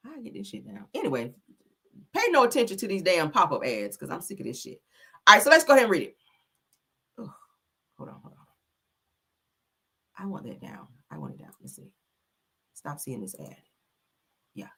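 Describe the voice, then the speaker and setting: Brief: bright, punchy woman host, sassy and profane, very animated pitch. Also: moderate pace, vocal fry, long pauses, breathy edge. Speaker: commentary channel host. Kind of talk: casual gossip commentary.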